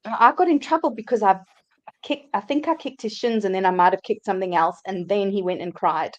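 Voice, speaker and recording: A woman's voice: medium pitch, a little fast, highs cut off. A woman from South Africa co-hosting a livestream, chatty and telling personal stories in casual group chat. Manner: chatty storyteller, animated. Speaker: co-host of a livestream.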